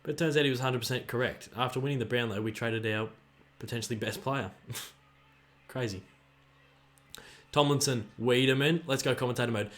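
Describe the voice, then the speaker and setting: An excitable man with an Australian accent hosts a livestream, chatting casually while he cheers and groans at the players in a football match. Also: mid-range voice, fairly quick. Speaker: livestream host. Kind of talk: live watch-along commentary and chat reading.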